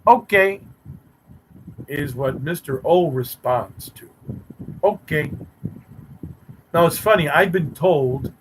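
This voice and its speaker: A man's voice: on the high side, unhurried, few pauses, a little hiss or hum, rough recording. A man hosting a casual live stream, teasing and bantering sarcastically with his chat viewers.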